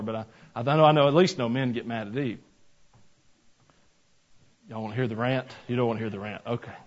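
A man preaching a sermon in a church, talking conversationally and adding joking asides. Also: fairly high pitch. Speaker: pastor. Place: church sanctuary. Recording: dull lo-fi recording.

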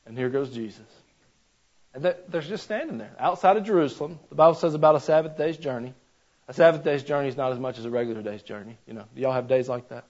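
A man's voice: mid-range voice, quick pace, a little mellow. A man preaching a sermon in a folksy, conversational way, talking straight to his congregation. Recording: slightly dull lo-fi sound.

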